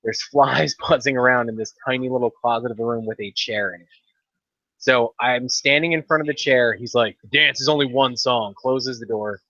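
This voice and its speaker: A man's voice: mid-range voice, moderate pace, bright, forceful tone, dry recording. A man on a casual podcast, telling a long story in a laid-back way with dry asides. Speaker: podcast co-host. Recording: dull lo-fi dry podcast audio.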